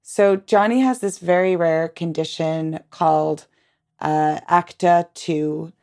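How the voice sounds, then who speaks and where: Woman podcast host, chatty, lots of "like", laughs a lot, lowish voice. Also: fairly even intonation, takes it slowly, warm tone. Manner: chatty, laughs often, fillers like "like". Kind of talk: casual chat.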